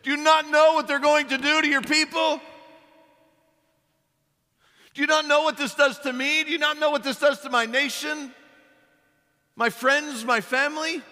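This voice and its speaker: A man's voice: extremely high pitch, flat delivery, moderate pace, bright, forceful tone, voice pushed up. A man voicing an angry, frustrated prophet who argues with God in indignant, pleading questions. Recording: long hall reverb.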